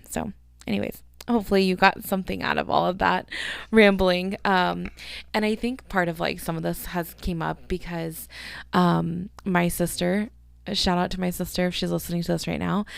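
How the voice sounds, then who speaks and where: A woman's voice: fairly low pitch, creaky, dry recording, clean studio sound. A woman in her thirties hosting a casual solo podcast, rambling and chatty, swearing freely. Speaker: podcast host.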